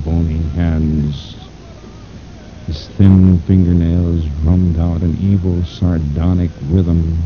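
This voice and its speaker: A man narrating pulp fiction aloud in a theatrical way, lingering on ominous words. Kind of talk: dramatic audiobook reading of pulp fiction. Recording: dull lo-fi recording with rumble.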